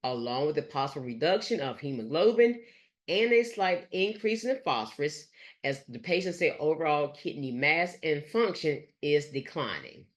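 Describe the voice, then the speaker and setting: Nurse teacher reading slides, stop-start, keeps saying let's say, middle pitch. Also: expressive. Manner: halting, with frequent fillers like "let's say" and "gonna". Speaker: nurse educator. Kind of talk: recorded lecture over slides.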